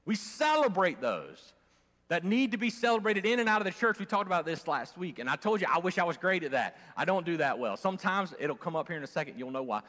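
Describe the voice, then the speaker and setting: A man preaching a sermon in a relaxed, conversational way, his slightly high voice swinging lively up and down as he leans into points and drops to near quiet. A long reverb from a church hall trails his words. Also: fast. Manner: conversational preaching, swinging from loud emphasis to quiet, with fillers and restarts. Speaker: pastor. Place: church sanctuary.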